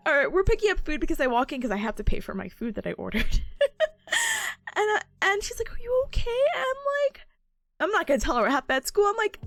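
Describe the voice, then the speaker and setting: Young woman streamer, high lively voice, chatty storyteller, faint music underneath. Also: moderate pace. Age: young adult. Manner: animated, laughing often, acting out her own past lines. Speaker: study stream host. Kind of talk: casual storytelling to stream viewers.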